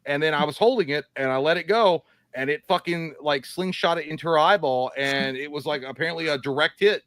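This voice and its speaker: A man's voice: fairly high pitch, fairly quick, a bit bright, dry recording. A man co-hosting a casual livestream, telling crude stories in a profane, stumbling way. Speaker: co-host.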